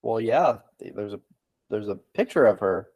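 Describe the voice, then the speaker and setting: A man co-hosting a casual movie podcast, calmly judging scenes. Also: on the low side, normal speed. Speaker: podcast co-host.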